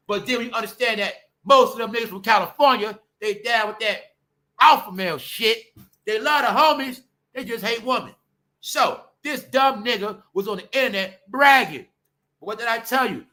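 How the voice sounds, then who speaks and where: A man, ranting bluntly on his commentary channel, jumping from loud outbursts to low mutters. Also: normal speed. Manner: loud, blunt and swinging between shouting and muttering.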